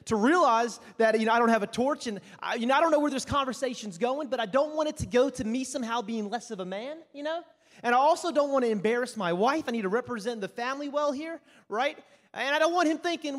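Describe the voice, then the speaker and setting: A man's voice: very high voice, animated, quick pace, fairly bright tone, big-room sound. A man preaching a sermon, mixing self-mocking stories with Bible reading and often asking "right?". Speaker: pastor.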